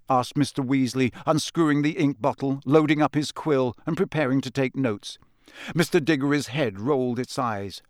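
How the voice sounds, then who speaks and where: A man reading a story aloud as audiobook narrator in steady storytelling. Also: mid-range voice, normal speed, no echo, clean studio sound. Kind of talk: scripted narration.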